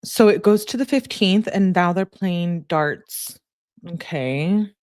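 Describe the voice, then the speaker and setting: A woman's voice: on the low side, takes it slowly, a little mellow, no echo, clean studio sound. A young woman on a live stream reading text messages aloud, often laughing and breaking off with incredulous asides to her viewers.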